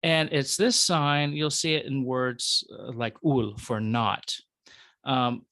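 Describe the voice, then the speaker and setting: This recorded lecture features a male professor at medium pitch, with no room sound. He breaks words into syllables one at a time, explaining them to students in an explanatory way full of fillers and asides to the student.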